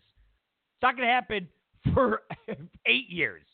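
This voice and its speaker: A man's voice: sits high, sing-song, measured pace, gravelly, no room sound. Emphatic man on a tinny line. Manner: emphatic, mocking, repeats himself. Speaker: host. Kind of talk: political commentary monologue. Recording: dry, tinny phone-like sound.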